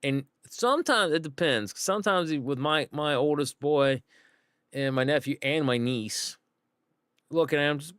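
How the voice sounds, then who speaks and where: A man's voice: a little high, unhurried, a bit bright, smooth, dry recording, clean studio sound. A middle-aged man chatting casually on a livestream, rambling, with lots of fillers and acted-out quotes. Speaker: streamer. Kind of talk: casual livestream chat to viewers.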